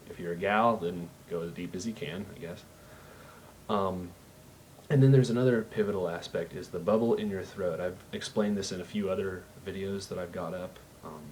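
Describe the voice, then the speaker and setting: A man's voice: low-pitched, a little mellow, a little hiss or hum. A man explaining a voice impression in a loose, rambling way, with many ums and restarts. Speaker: voice impression tutor. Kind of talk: casual how-to tutorial.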